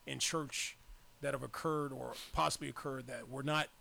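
A man's voice: medium pitch, steady tone, moderate pace, creaky, sharp tone. A man from Arkansas co-hosting a talk radio show, telling personal stories in an emphatic, candid way. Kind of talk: casual chat.

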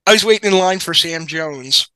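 A man's voice: a little high, moderate pace, sharp tone, clean tone, no echo. A man co-hosting a podcast, telling stories in a rambling, wry way, full of fillers. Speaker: podcast co-host. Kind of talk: casual storytelling chat.

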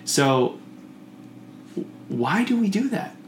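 A man talking in casual conversation, rambling and animated, often swearing and acting out the voices he quotes. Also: high-pitched, drawn-out words. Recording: echoey room with faint noise.

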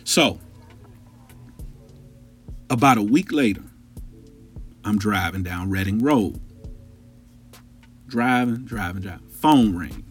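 A man in his thirties telling a long personal story on a podcast, profane and animated, talking straight to his listeners. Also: on the low side, slow, long pauses, faint music behind. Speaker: podcast host.

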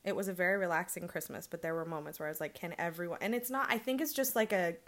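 A woman's voice: lowish voice, fast talker. Blunt, sweary woman podcast host. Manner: blunt, sweary, animated storytelling. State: pregnant. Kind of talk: casual chat.

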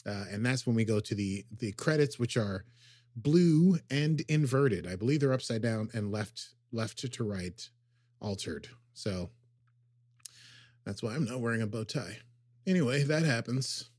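A man's voice: mid-range voice, expressive, unhurried, darkish tone, dry recording, clean studio sound. Rambling man recapping an episode. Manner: rambling, filler-heavy summarizing with acted quotes. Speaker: podcast co-host. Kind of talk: casual recap chat.

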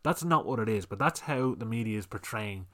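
A man's voice: fairly low pitch, lively intonation, brisk, pushed and bright. A man hosting a solo podcast, ranting heatedly and swearing often as he complains. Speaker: podcast host.

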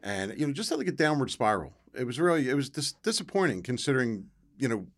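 A middle-aged man, a former football player, telling his story as a guest in a casual interview, acting out quoted voices with bursts of excitement. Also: medium pitch, fast talker.

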